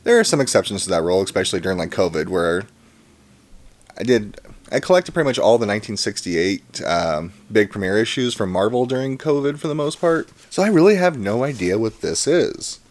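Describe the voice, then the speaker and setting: Chatty low-voiced man unboxing comics. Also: expressive, fairly quick. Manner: chatty, rambling, enthusiastic. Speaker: comic collector and channel host. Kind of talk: casual unboxing vlog.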